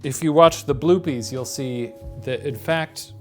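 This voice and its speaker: A man's voice: medium pitch, measured pace, soft background music. A young man co-hosting a casual chat, dry and teasing, reading out listener comments. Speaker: co-host. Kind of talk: casual banter.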